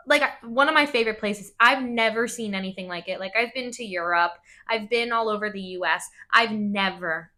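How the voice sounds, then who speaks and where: Bright-voiced woman, casual podcast storyteller. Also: medium pitch. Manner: casual, swears, lots of "like" fillers; open and emotional in the telling. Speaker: podcast host.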